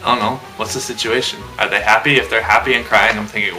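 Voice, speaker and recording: A man's voice: lowish voice, fairly even intonation, fast talker, reverberant, over music, rough recording. A young man on a casual panel, giving jokey, rambling explanations about how guys think. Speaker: panel member. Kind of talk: casual opinion chat.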